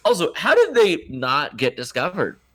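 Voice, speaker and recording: A man's voice: a little high, huge pitch swings, moderate pace, fairly bright tone. A man co-hosting a podcast, chatting casually and quoting movie lines in playful voices. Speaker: podcast co-host. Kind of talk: casual chat.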